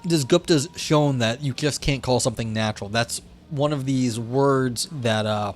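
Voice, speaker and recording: A man's voice: medium pitch, moderate pace, hardly any pauses, soft background music. A man hosting a livestream, reading a philosophy paper aloud and then explaining it in loose, chatty asides to his viewers. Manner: chats with live viewers between passages. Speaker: livestream host.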